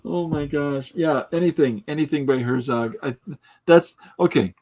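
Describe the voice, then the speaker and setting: A man's voice: a little high, moderate pace, darkish tone. A man hosting a casual livestream podcast, joking, laughing often and reading out viewer comments. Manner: jokey, tries out voices mid-talk. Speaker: podcast host.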